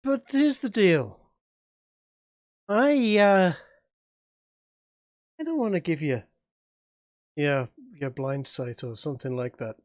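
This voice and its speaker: A man putting on a sly, genial crossroads demon who haggles in a slow, folksy drawl, pitched a little above a plain talking voice. It comes through dry, dull, lo-fi voice-chat audio, close and without any room sound. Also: no room sound. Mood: sly, bargaining. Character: scheming male crossroads demon, genial bargainer.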